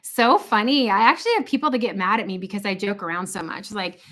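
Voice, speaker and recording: A middle-aged woman hosting a casual livestream chat from home, animated and jokey, quick to slip into funny voices. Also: medium pitch. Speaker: livestream host.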